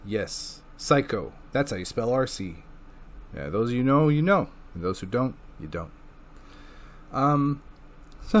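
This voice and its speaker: A man giving a loose, casual recap of comic books he has read, full of filler words and swearing. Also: mid-range voice. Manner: loose and profane, with filler words and acted-out quotes. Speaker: comic book reviewer.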